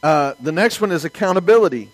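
A man's voice: on the high side, animated, fast, no echo, poor audio. A man from the American South with a Southern accent, preaching a sermon in a folksy storytelling way and asking the congregation for amens. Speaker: pastor.

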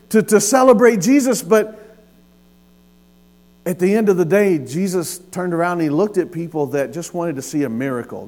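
Male pastor, fairly high voice, energetic storytelling sermon, faint hum behind. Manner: storytelling, animated with laughs and acted-out quotes.

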